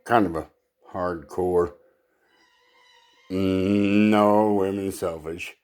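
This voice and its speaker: Low-voiced man doing halting stand-up. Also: steady tone, a little mellow, smooth. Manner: halting, laughs at his own jokes. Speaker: stand-up comedian. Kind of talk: stand-up comedy.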